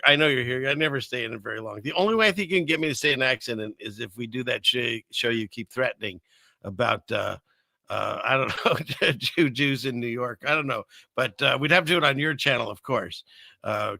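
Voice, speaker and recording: A man's voice: mid-range voice, fairly quick, vocal fry, bright, forceful tone, no room sound. An older man hosting a casual live stream, rambling and joking at himself with lots of fillers and restarts, from a small room at his computer. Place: small upstairs room above a fireplace.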